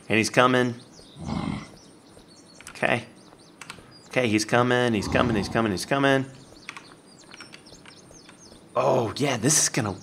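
A man giving playful, animated let's-play commentary, talking to the game and his viewers and jumping up to excited yelps. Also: a little hiss or hum. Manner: jumps to high excited yelps. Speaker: gaming YouTuber.

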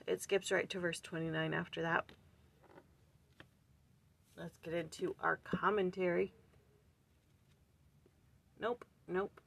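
A woman's voice: on the low side, gravelly, fairly bright tone, slight background noise. A woman hosting her own casual scripture study, thinking aloud in earnest and searching for words with sighs and restarts. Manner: earnest, urging questions to the listener. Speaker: host of a daily scripture study channel.

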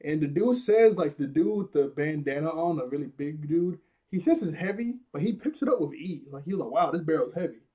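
A young man with a fairly high, warm and mellow voice chats through an anime episode recap. He laughs often and slips into character voices to act out scenes. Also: lively intonation, fairly quick, hardly any pauses. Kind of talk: casual recap commentary.

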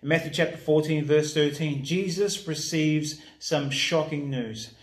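A man pastor giving a recorded sermon in a warm, conversational preaching manner that drops soft in prayer. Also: a little high, fairly even intonation, a little slow, echoey room.

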